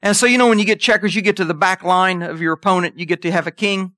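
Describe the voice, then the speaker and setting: A man preaching an animated sermon who reads scripture aloud and jumps into high voices for emphasis. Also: fast, few pauses, no room sound, studio quality.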